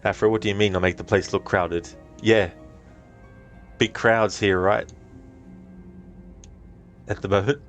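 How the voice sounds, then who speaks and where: A man casually commenting on a game he is streaming, relaxed and answering chat with many ums. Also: fairly low pitch, unhurried, pauses often, faint music behind. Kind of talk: casual let's-play commentary.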